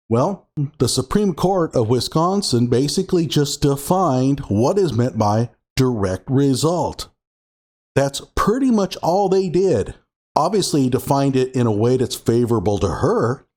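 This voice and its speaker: A man's voice: mid-range voice, a little mellow. A man hosting his own show, giving sarcastic commentary on a court ruling and reading passages out with heavy emphasis. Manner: sarcastic, reads documents aloud with emphasis. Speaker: show host.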